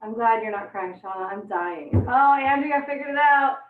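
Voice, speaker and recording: Young woman teaching a cooking class, kinda high voice, laughing through onion tears, tinny and far off. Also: moderate pace, noisy background. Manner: chatty, laughing, exclaiming through watering eyes. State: teary-eyed from onions. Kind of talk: live online cooking class. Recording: echoey, distant, phone-like sound.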